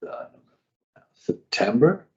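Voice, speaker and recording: A man's voice: takes it slowly, a little mellow. A man on a parole board, making brief, agreeable remarks while the case is discussed. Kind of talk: informal deliberation. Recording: dull lo-fi hearing recording.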